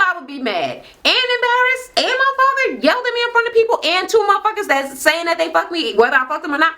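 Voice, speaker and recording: A woman's voice: sits high, bright, forceful tone. A young woman, recapping a reality show in blunt, sassy, heavily profane casual talk. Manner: blunt, sassy, heavy swearing. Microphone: on-camera mic.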